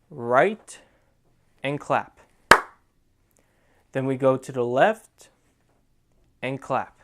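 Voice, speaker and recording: Slow, clear-voiced young man teaching dance. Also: medium pitch. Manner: repeats "okay?" to check in, counts out moves slowly. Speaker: dance tutorial host. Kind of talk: step-by-step dance instruction.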